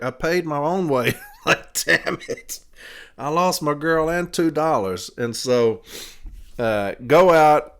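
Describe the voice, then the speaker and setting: A man's voice: on the low side, smooth. A man hosting a podcast, telling a long rambling story in a casual way, laughing between phrases and swearing freely. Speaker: podcast host.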